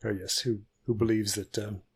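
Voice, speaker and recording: A man co-hosting a casual podcast with a friendly, wry manner and an easy laugh. His voice is on the low side, with a husky, slightly rough texture. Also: level tone, normal speed. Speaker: podcast co-host.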